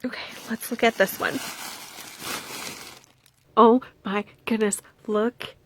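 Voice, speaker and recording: A young woman vlogging about crafts and a gift package, gushing with excitement and dropping from soft whispers to squeals. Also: on the high side, takes it slowly, long pauses. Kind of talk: casual vlog, showing crafts.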